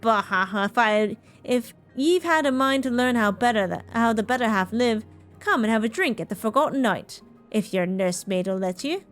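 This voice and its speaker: A woman voicing a gruff drunk commoner man who mocks a traveler, her slowed, rough attempt at a Cockney accent slipping in and out over faint game music. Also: a little high, close to an everyday voice. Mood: mocking.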